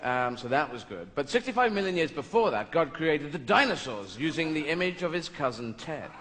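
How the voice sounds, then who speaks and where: A man's voice: fairly high pitch, big pitch swings, a little fast. A man doing a stand-up comedy routine, rambling and playful with mock-pompous asides, recorded live in a large venue. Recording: live show in a big reverberant hall, noisy.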